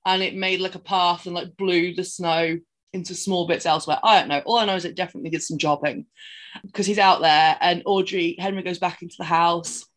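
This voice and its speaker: A woman's voice: on the low side, fairly even intonation, brisk. A woman co-hosting a podcast, casually retelling film scenes in a rambling way and acting out the characters' lines. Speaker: podcast co-host. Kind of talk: casual film recap chat.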